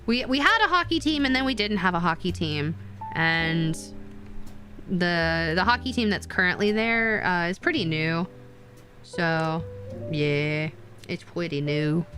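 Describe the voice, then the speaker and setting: A young woman streaming while doing a craft, chatting casually with her viewers and getting excited easily. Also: on the low side, a little slow, faint music behind.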